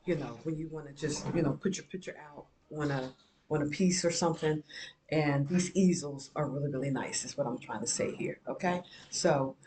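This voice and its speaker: A woman's voice: low voice, moderate pace, dark tone. A middle-aged woman vlogging from her kitchen, rambling in casual chat and peppering her talk with "you know". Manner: rambling, repeats herself, many "you know"s. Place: home kitchen.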